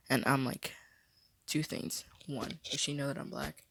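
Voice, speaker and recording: Flat gravelly man telling a story. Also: normal speed, heavy background noise. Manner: low-key, rambling storytelling. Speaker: vlogger. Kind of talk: casual story time.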